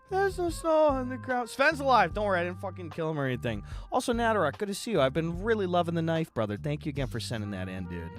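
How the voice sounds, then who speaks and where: A man chatting casually on a live stream, animated, jokey and full of swearing. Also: high voice.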